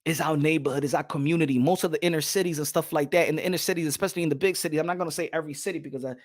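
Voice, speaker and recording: Hosting a boxing talk show on a livestream, a New York man whose first language is Spanish launches into a passionate rant at his panel, repeating himself and sometimes shouting. He speaks very fast, with a fairly high pitch and fairly even intonation.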